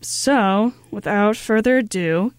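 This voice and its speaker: A woman's voice: mid-range voice, slow pace, smooth, no room sound. A woman hosting a casual radio show in a studio, chatty and upbeat with many fillers.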